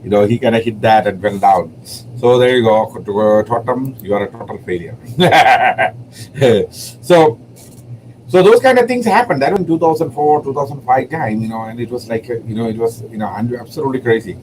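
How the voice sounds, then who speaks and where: A man's voice: medium pitch, lively intonation, normal speed, darkish tone, slight background noise, poor audio. Rambling man with a foreign accent. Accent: non-native English accent. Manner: rambling, heavy use of "you know", frequent laughter. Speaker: livestream host and poet. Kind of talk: casual livestream storytelling.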